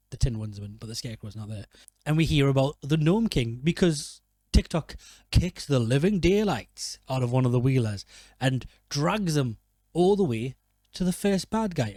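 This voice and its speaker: Casual film commentary comes from a man whose voice is fairly high yet darkish in tone. He rambles, jokes and corrects himself mid-sentence, and the recording is dry.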